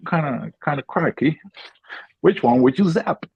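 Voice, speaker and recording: A man's voice: on the high side, animated, measured pace, gravelly, slightly rough, no echo, lo-fi sound. A man speaking from a hotel room over a remote call, asking the show's question in a teasing, jokey way.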